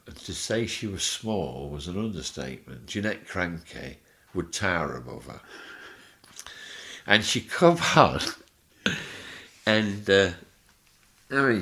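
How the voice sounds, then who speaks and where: Low voiced guy telling a funny story on a podcast, swings up and down a lot, keeps chuckling. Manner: animated, laughing storyteller acting out voices. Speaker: guest telling anecdotes.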